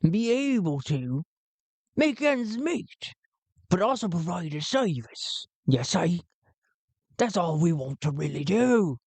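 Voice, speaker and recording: A man voicing a rough, blustering pirate captain who rambles and talks over people. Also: high-pitched, big pitch swings, slow pace, no echo, heavily acted. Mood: matter-of-fact. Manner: rambling, loud and pushy.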